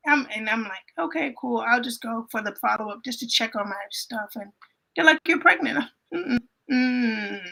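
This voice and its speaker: A woman telling an emotional personal faith story in a casual panel chat, animated and often repeating her phrases. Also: a little high, normal speed, creaky, low-quality recording. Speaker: guest on a livestream panel.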